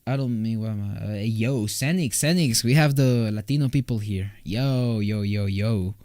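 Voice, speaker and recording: A man's voice: on the low side, normal speed, darkish tone, dry recording. A young man from Colombia chatting casually with his live-stream audience from his home recording room, rambling and joking with loose restarts. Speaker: streamer answering chat.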